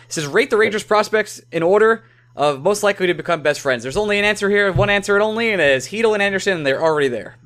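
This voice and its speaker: A man co-hosting a casual sports podcast, jokey and animated, tripping over names now and then. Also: sits high, fast. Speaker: podcast co-host.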